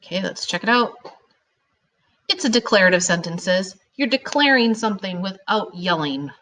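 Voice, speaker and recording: In a recorded grammar lesson, a woman teaches her students in an animated, emphatic way, stretching out key words as she explains. She speaks at normal speed with a medium-pitched voice.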